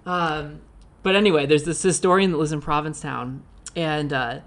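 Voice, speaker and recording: A man's voice: on the high side, fairly even intonation, moderate pace, a bit bright. A man who works as a filmmaker, chatting casually and telling stories with lots of giggles. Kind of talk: casual podcast chat.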